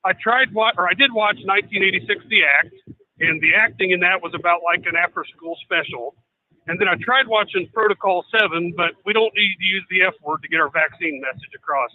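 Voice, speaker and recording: High-voiced man on a tinny line. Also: a little fast. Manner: animated, rising in pitch when worked up. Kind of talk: casual talk show banter.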